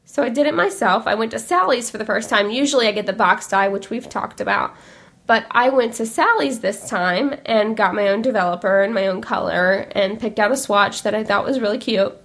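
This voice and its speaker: Here the young woman hosting the podcast speaks fairly fast in a mid-range, gravelly voice that's somewhat bright. She's a bit congested and rambles along in an upbeat, casual conversation.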